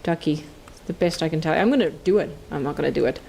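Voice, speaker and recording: A woman's voice: low-pitched, fast, creaky, mellow, a little hiss or hum. A woman streaming a game, chatting away casually, playful, laughing often and swearing freely. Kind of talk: casual live-stream chat while playing.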